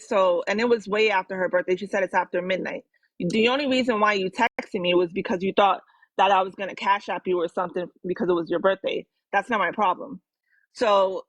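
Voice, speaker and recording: A woman's voice: medium pitch, no echo, rough recording. A young woman speaking on a live stream, confronting someone head-on. Her tone is sarcastic and combative, with a mid-range voice. The sound is dry and close to the mic. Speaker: former moderator. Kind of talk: heated live-stream callout.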